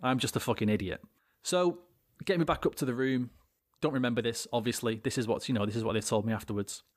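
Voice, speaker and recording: A man's voice: mid-range voice, fast, no echo, studio quality. A young British man, a podcast co-host, telling a rambling anecdote with plenty of swearing and restarts. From Britain. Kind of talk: casual storytelling chat.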